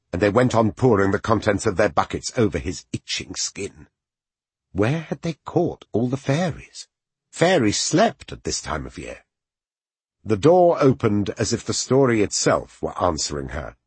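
A man narrating a fantasy audiobook with expressive storytelling. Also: fairly low pitch, breathy edge, no echo.

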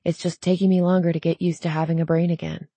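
A woman voicing a worried young man who murmurs in a hushed, strained way. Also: fairly low pitch, level tone, fast, dry recording, natural voice.

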